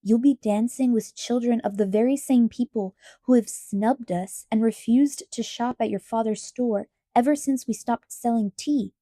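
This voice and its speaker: A woman's voice: fairly high pitch, normal speed, hardly any pauses, mellow, dry recording, studio quality, close to an everyday voice. A woman voicing an earnest young male apprentice in a storybook reading, insistent and indignant.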